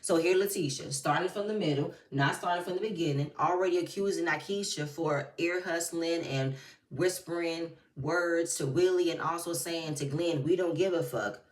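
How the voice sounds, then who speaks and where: A woman's voice: lowish voice, normal speed, roomy sound, far from the mic. A woman giving blunt, profane, heated commentary as she recaps a reality TV reunion. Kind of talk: casual commentary.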